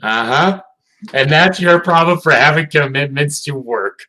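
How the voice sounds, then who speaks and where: A man co-hosts a casual podcast chat reviewing a cartoon episode, his slightly high voice pushed and bright over poor audio at a measured pace. Tired and yawning late at night, he swears often and rambles with many fillers and restarts.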